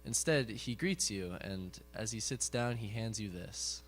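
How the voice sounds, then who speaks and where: A man with a fairly low voice reads a prepared passage aloud from the audience. His delivery is steady and careful, with faint noise behind him. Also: a little slow. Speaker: audience member reading aloud. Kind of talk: reading a prepared text aloud.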